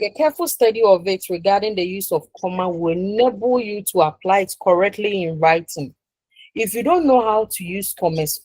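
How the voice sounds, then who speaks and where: A woman lectures a class in a mid-pitched voice. She goes over each point more than once and stops to ask "what?" so the class can fill in the answer. Her voice sounds close and dry, with no room echo. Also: darkish tone. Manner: leaves sentences open with "what?" for the class to finish; repeats and rephrases points, checking the class follows. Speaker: university lecturer.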